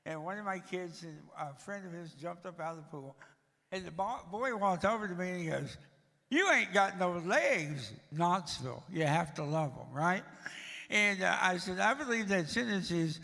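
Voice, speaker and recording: A man's voice: fairly high pitch, gravelly, bright, forceful tone, long reverb tail. An older man giving a storytelling talk at a church, with a dry, joking manner. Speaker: guest speaker.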